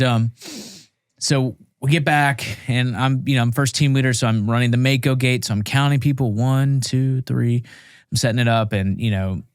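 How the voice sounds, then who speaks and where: A man's voice: mid-range voice, clean tone, no echo, studio quality. A man, a Marine veteran, telling a war story in a casual interview and acting out the quotes.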